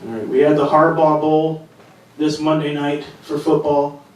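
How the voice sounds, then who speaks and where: A man's voice: on the high side, completely flat delivery, moderate pace, a little mellow. A man doing a rambling, self-deprecating stand-up set, stumbling and restarting as he goes. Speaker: stand-up comedian. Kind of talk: open-mic stand-up set. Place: comedy club stage. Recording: echoey club sound from far off.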